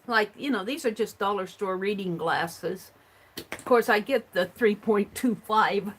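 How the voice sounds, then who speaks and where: A woman's voice: medium pitch, a little slow, slight background noise, poor audio. A middle-aged woman chatting casually and rambling as she shows her crafts and reads out viewer comments on a livestream. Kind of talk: casual chat while crafting.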